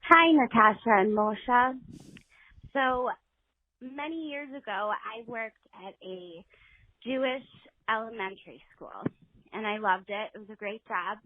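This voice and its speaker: A woman leaving a podcast voicemail, telling a story in a measured way. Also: on the high side. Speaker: caller. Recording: tinny phone line.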